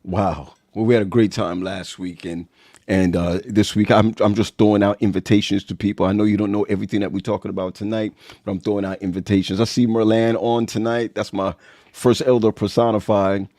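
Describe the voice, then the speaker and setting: A man's voice: on the low side, little pitch movement, brisk, darkish tone, no room sound, studio quality. A man hosting a casual livestream chat, talking loosely and repeating himself. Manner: loose, repetitive, chatty. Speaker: host.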